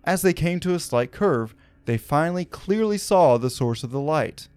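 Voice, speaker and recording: A man's voice: fairly high pitch, lively intonation, normal speed, darkish tone, clean tone, no echo. A man hosting a podcast, telling a story in a casual, conversational way with fillers. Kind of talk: conversational narration of a paranormal story.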